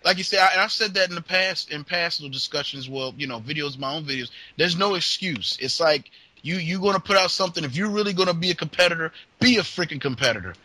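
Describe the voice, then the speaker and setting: A man co-hosting a casual gaming podcast, talking excitedly with many stammered restarts and frequent laughter. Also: a little high, fast talker, low-quality recording. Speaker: podcast co-host.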